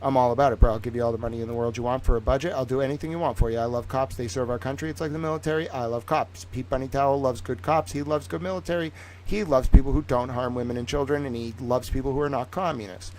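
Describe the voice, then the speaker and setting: A man's voice: mid-range voice, steady tone, quick pace, a little mellow, slight background noise, rough recording. A man streaming a profane, sarcastic monologue, swearing freely and acting out imagined conversations in different voices. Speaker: independent streamer and commentator.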